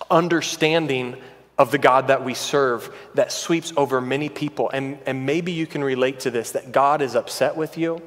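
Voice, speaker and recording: A pastor preaching a sermon in a church, earnest and emphatic, building intensity on repeated phrases. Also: male voice, fairly high pitch. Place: church sanctuary. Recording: long reverb of a large church hall.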